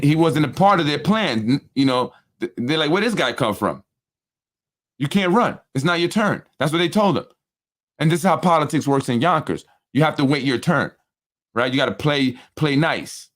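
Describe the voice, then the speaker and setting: A man hosting a casual political commentary show, animated and repetitive, often asking "right?" and acting out what others said. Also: mid-range voice. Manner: animated, repetitive, with frequent tag questions; acts out other people's speech in quoted voices. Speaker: political talk show host.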